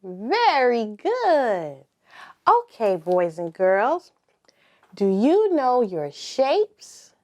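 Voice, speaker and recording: A woman teaching toddlers at circle time, speaking very slowly with long pauses between prompts. Her voice is fairly high and rises and falls in a lively, sing-song way as she encourages the children to repeat after her. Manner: slow, drawn-out prompting with call-and-response pauses. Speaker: preschool teacher.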